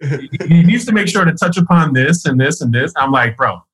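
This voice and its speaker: A man with a husky, slightly breathy voice and a tense, forceful push behind his words. He tells a long story in a loose, rambling way, full of swearing and frequent laughter. It sounds like easy, casual talk. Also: on the high side, lively intonation, a little fast, poor audio. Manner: rambling, profane, laughs often.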